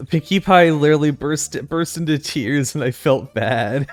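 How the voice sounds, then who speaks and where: A man co-hosting a podcast in casual chat, joking and swearing with quick interjections. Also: a little high, faint music behind. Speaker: podcast co-host.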